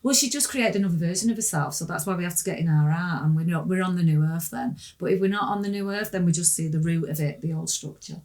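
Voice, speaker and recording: Blunt, lower-voiced woman. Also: quick pace, hardly any pauses. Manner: blunt, earthy and excitable, acts out voices. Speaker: podcast guest. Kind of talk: candid storytelling in conversation.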